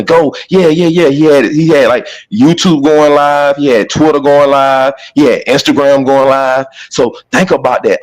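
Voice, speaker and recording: A man's voice: mid-range voice, a little mellow, poor audio. A man talking on an online panel in an emphatic, slangy way, repeating his points. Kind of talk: casual online panel chat.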